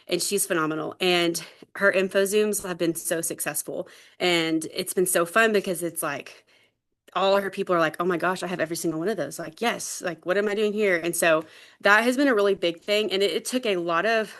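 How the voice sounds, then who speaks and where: A woman's voice: on the low side, a bit bright. Rambling woman on a group video call. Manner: rambling, lots of "like" and "um", gets teary. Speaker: sales team member sharing her story. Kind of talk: casual talk on a group call.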